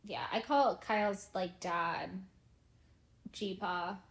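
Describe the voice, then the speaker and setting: A woman's voice: on the low side, very slow, echoey room. A woman in her late thirties co-hosting a podcast, telling family stories in a playful, teasing way. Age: late 30s. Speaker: podcast co-host. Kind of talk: casual chat.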